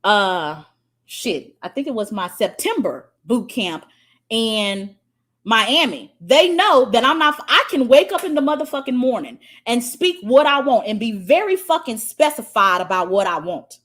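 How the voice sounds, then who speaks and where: A woman's voice: a little high, sing-song, a little slow, a bit bright. Profane, dramatic woman spiritual coach. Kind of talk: live-stream motivational talk.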